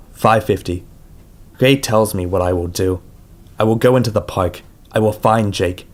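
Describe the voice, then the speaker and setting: Deep-voiced man reading an audiobook. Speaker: audiobook reader. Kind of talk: first-person audiobook narration.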